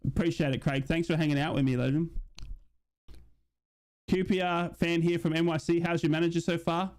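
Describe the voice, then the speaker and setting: A young man hosting a live football watch-along, chatting casually and reading out viewer shout-outs. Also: fairly high pitch, steady tone, a little fast. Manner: chatty, reads out chat messages and shout-outs. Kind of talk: casual live-stream chat and mock commentary.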